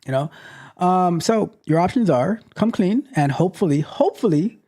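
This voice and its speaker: A man hosting a live tech question-and-answer show, giving advice in a lively, mock-scolding way and often repeating phrases. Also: sits high, moderate pace. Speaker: host.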